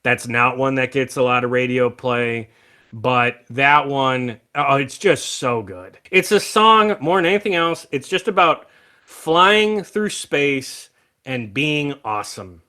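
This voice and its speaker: A man hosting a casual livestream chat about music, animated and laughing often as he talks. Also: medium pitch, slow. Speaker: host.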